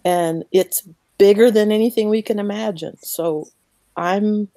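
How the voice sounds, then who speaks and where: A woman speaking slowly and earnestly about her faith as a guest, emotional and close to tears, repeating words as she goes. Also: medium pitch, fairly even intonation, warm tone, dry recording. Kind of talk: emotional faith talk on a podcast.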